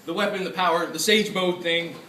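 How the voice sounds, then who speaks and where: Excitable male panel speaker, high bright voice, heard from afar in a roomy hall. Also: brisk, slight background noise. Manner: excitable, laughs often, acts out reactions. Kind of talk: lively convention lecture. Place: convention panel room. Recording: echoey room, from far off.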